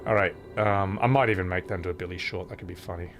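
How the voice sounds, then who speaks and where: A man's voice: low voice, fast, fairly bright tone, slight background noise. A man streaming and chatting casually with his viewers, playful and swearing, cooing at his cat. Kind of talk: casual live-stream chat.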